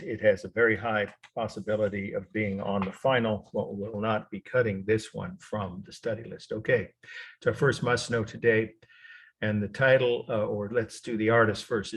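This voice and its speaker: A man's voice: on the low side, husky. A middle-aged man teaching a college art history lecture, rambling and correcting himself as he goes, spelling names out letter by letter.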